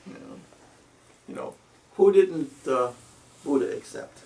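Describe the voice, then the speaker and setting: A man, a spiritual teacher, speaking slowly and deliberately, repeating himself and tagging his phrases with "See?" and "you know.". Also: fairly high pitch, wildly swooping pitch, mellow. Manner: slow, deliberate and repetitive. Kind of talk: spiritual talk. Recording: voice from a distance to the mic.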